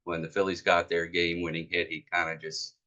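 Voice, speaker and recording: Low-voiced man telling fan stories. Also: completely flat delivery, fairly quick, sharp tone. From East Coast of the United States. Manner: storytelling, conversational with fillers. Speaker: author presenting his book. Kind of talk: casual talk to a club meeting. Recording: dull lo-fi recording.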